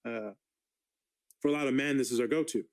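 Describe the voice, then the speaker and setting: A man's voice: mid-range voice, fairly quick, a little mellow, low-quality recording. Candid, joking male therapist on a podcast. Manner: candid, profane, playful. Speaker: therapist guest. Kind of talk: casual podcast chat.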